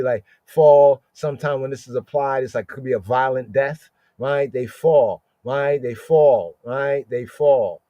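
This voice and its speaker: Slow, dark-voiced man teaching scripture. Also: mid-range voice, dry recording, muffled recording. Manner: repeats words with frequent "right?" tags, sounds out Hebrew slowly.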